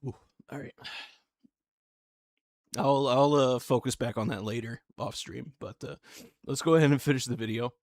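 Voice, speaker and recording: A man streaming live, reacting to a video in a relaxed, chuckling way and thanking viewers as he goes. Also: mid-range voice, normal speed, pauses often, dry recording, studio quality. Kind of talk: casual live-stream chat.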